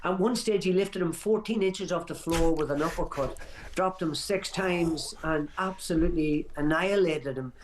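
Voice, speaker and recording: A man's voice: a little high, normal speed, noisy background. A man in his sixties, a boxing pundit on a radio talk show, reminiscing emphatically and restarting his phrases often. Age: 60s.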